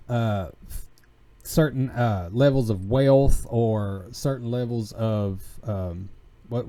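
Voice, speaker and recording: A man's voice: mid-range voice, mellow. A man with a Southern US country accent talking in a casual, rambling way, full of fillers and restarts. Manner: halting, many fillers and restarts. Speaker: podcast host.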